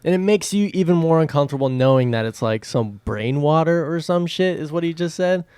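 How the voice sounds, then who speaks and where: A man co-hosts a comedy podcast, breaking in with blunt, jokey remarks. His voice is a little high and smooth, recorded dry. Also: lively intonation, fairly quick, a little mellow, no room sound. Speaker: podcast co-host. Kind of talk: casual comedic banter.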